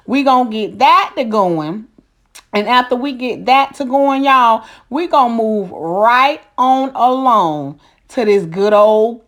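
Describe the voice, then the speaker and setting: A middle-aged woman talks through a recipe in a casual cooking vlog. Her voice sits high and she keeps it folksy, calling the viewers honey and baby and slipping in preachy asides. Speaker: cooking channel host.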